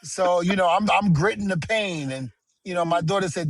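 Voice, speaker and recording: A man's voice: high-pitched, normal speed, no echo. Middle-aged man telling funny podcast stories. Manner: storytelling, playful, acts out quoted dialogue. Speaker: podcast co-host. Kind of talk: casual podcast chat.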